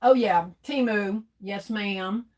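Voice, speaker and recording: A chatty woman talks viewers through a craft project on a livestream in a loose, casual way. She speaks at an ordinary mid pitch and keeps calling her audience "y'all". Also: takes it slowly, a little mellow. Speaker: livestream host making gift baskets. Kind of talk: casual live demonstration talk.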